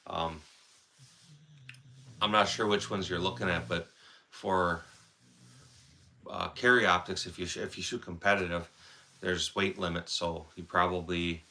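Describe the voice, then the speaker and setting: Stuffed-up wisconsin guy on a live stream, deep voice, crisp bright tone, loose and chatty. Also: level tone, measured pace, long pauses, slight background noise. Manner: loose, chatty, reads out viewer comments. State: congested, sore throat. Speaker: livestream host. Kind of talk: casual live-stream chat.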